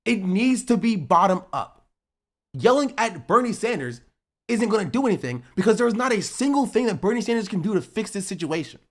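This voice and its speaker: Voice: mid-range voice, sing-song, brisk. A streamer ranting at their live chat, lecturing in short repeated punchy phrases and swearing freely. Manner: lecturing, repetitive, profane, punchy. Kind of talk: heated livestream rant at chat.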